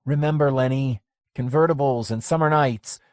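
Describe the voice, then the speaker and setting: A man's voice: mid-range voice, normal speed, darkish tone, no echo, clean studio sound, voice pushed up, lightly acted. A man reading the lines of a lonely middle-aged man who wants his youth back, his voice raised and pleading. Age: 40s.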